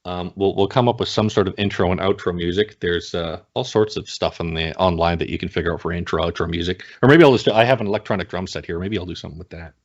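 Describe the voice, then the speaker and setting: A man's voice: deep voice, fast, few pauses. A man co-hosting a casual podcast chat, blunt and profane, ranting with lots of restarts. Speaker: podcast co-host. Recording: slightly dull lo-fi home recording.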